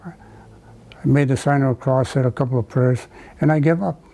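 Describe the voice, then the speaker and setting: An older man from the United States, telling a wartime memory in an oral history interview, halting with many fillers and restarts. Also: mid-range voice, vocal fry, mellow, low-quality recording. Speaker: veteran interviewee.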